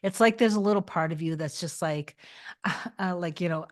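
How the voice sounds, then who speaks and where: A woman with a slightly low voice chats casually on a livestream. She rambles, restarts her sentences and fills gaps with "um" and "like". When she gives advice her voice goes soft and reassuring. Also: normal speed. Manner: chatty, rambling, with many restarts and fillers. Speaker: manifestation coach answering live chat.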